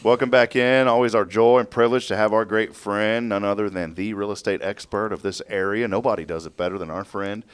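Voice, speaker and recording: A man's voice: fairly low pitch, steady tone, a little fast, few pauses, smooth. A man hosting a morning radio show, chatting in a jokey, upbeat way, teasing his guests and giving the weather. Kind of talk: casual morning radio chat.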